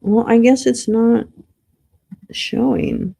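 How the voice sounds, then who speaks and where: A woman hosting a casual livestream in an unhurried, mellow voice. She rambles, hums little tunes under her breath and swears freely as she talks to her chat. She sounds easily flustered and confused while she searches. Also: a little high, huge pitch swings, vocal fry, slightly rough. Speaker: livestream host.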